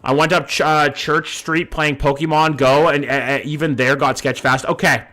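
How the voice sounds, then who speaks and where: A Vancouver streamer in his thirties chats with viewers and reads chat while guessing locations, swearing casually. His fairly high voice is pushed and bright, holding a steady tone at a moderate pace with hardly any pauses.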